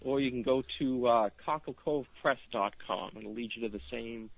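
A man from Cape Cod, a guest author, telling a story in a casual radio interview with many fillers and pauses. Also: mid-range voice, vocal fry, no echo. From Cape Cod, Massachusetts. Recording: dull lo-fi radio sound.

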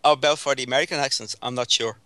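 A man's voice: medium pitch, steady tone, rapid-fire, sharp tone, slight background noise. A man from Dublin with an Irish accent, a guest on a paranormal podcast, answering with dry, understated humor. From Ireland. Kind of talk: casual chat over a call.

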